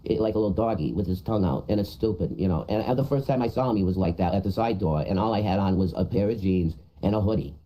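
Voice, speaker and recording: A man's voice: deep voice, fast, hardly any pauses, warm tone, poor audio. A man on a livestream, rambling crudely and repeating himself in casual chat.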